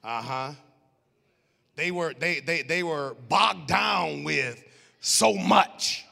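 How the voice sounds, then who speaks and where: A man preaching a sermon as pastor, joking with the congregation in laughing asides and building to shouted preaching. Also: fairly high pitch, very slow, vocal fry, big-room sound. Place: church sanctuary.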